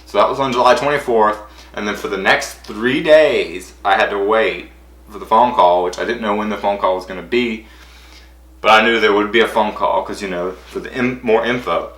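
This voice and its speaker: A young man vlogging, telling a story in an excited, rambling way, full of "like" and acted-out quotes. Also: normal speed, reverberant. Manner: breathless, rambling, acts out quotes in high squeals.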